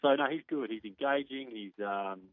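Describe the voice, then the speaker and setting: A man's voice: medium pitch, dry recording. An Australian man working as a sports correspondent, telling stories in a chatty radio report. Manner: chatty, quick storytelling. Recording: tinny phone line, dry.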